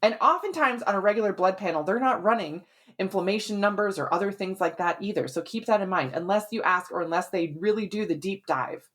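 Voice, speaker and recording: A woman's voice: mid-range voice, brisk. A woman hosting a health podcast as a hormone expert, explaining in a chatty, conversational way and often checking in with "right?".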